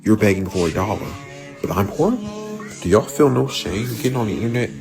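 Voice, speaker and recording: A man's voice: lowish voice, lively intonation, moderate pace, creaky, low-quality recording. A man commentating with an exasperated, mocking rant. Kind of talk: reaction commentary. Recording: background music.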